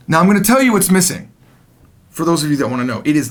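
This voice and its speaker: A man teaching a video language lesson, explaining in a chatty, animated way. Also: a little high, quick pace.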